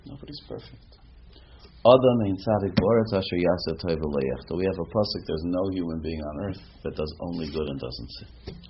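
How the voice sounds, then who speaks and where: A man teaching a lively Torah class as a rabbi, asking rhetorical questions and mixing in Hebrew terms. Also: low voice, brisk, few pauses. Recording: dull lo-fi recording with faint noise.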